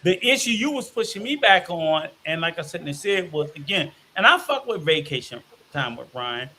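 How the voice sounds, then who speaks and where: Male co-host, fiery profane ranter, bright tense tone. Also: a little high, very animated, normal speed, slight background noise. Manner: emphatic, profane, ranting. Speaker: podcast co-host. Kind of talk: heated casual debate.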